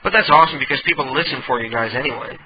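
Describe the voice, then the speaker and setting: A man's voice: medium pitch, very fast, dull audio, heavy background noise. A man hosting a radio call-in show from home, chatting casually and laughing often.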